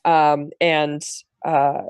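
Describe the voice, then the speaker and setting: A man serving as game master, recapping the last tabletop session in a halting, filler-heavy way. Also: on the high side, little pitch movement, clear, resonant tone, no echo, highs cut off.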